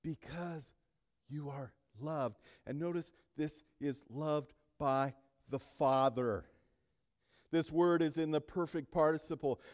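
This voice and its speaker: A man preaching a sermon as pastor, swinging from quiet storytelling to shouted, rising climaxes. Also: a little high, slow, long reverb tail.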